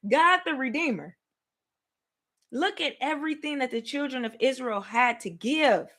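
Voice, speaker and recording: Excited woman host, high bright voice, big swings in pitch, chatty and animated Bible teacher. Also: a little slow. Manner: animated, laughing, talks to viewers as y'all. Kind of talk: livestream Bible study, excited casual teaching.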